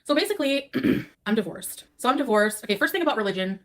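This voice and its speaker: A woman's voice: on the high side, expressive, quick pace, noisy background. A woman on a livestream, talking in a scattered, confessional, rambling way.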